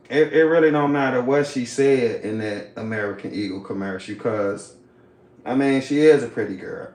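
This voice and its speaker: A man's voice: medium pitch, roomy sound. A man hosting a livestream, reacting in loose, casual talk that is full of swearing. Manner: loose, swearing, drawling commentary. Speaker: livestream host.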